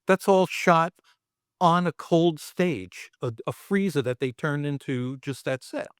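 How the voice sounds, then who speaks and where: A man's voice: fairly high pitch, measured pace, smooth, no echo, studio quality. Profane New storyteller man. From Brooklyn, New York. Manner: animated, profane storyteller acting out quotes. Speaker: guest, special effects artist. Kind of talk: storytelling anecdote in a podcast interview.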